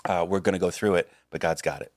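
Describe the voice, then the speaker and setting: Low-voiced man on a dry mic. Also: fast talker, no echo. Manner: earnest, reassuring, jokey asides. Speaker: podcast co-host. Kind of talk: casual chat.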